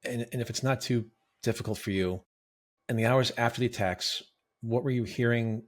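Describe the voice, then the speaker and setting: A man hosting an interview, asking careful, gentle questions. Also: medium pitch, steady tone, moderate pace. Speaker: podcast host.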